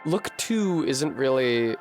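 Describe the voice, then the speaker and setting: A man streaming a game from home, working through a puzzle out loud at a desk microphone with frequent swearing and frustration. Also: medium pitch, expressive, slow, soft background music. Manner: profane, puzzling aloud, frustrated. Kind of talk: live-streamed gameplay commentary.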